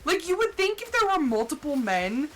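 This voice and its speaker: A woman livestreamer telling stories in casual chat, animated and full of fillers, acting out the people she quotes. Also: sits high, moderate pace, rough recording. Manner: chatty and animated, full of "like" and laughs; acts out quoted people with jumps in voice. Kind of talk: casual storytelling chat during a game stream.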